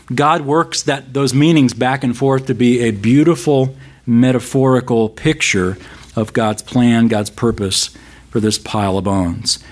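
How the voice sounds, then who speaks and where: A man preaching a sermon as a pastor, expressive, slowing down for emphatic scripture reading. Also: medium pitch.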